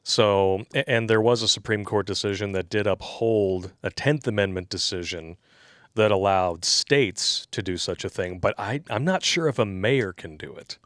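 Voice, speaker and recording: A man's voice: lowish voice, normal speed, a bit bright, dry recording, clean studio sound. A man co-hosting a casual livestream, reading donations aloud and joking bluntly with crude humor.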